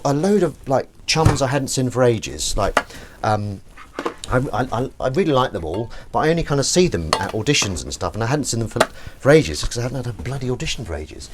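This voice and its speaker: A man's voice: mid-range voice, noisy background. A young man chatting casually and rambling through anecdotes, with fillers and asides, while he washes up. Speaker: host of a washing-up livestream. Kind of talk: casual chat while washing dishes.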